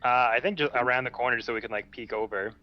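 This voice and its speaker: A man's voice: mid-range voice, fast, dull audio. A man playing a tabletop game, joking and bantering in a brash way. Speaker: player. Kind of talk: casual tabletop game chat.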